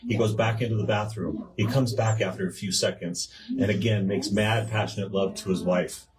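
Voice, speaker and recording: A man's voice: lowish voice, steady tone, normal speed, crowd noise. Nervous man telling a rehearsed joke.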